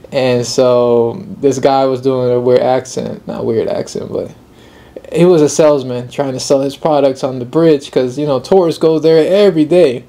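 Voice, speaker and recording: A man's voice: medium pitch, warm tone. A young man hosting his own video podcast, talking casually in a rambling, upbeat way and laughing easily. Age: young adult. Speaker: podcast host.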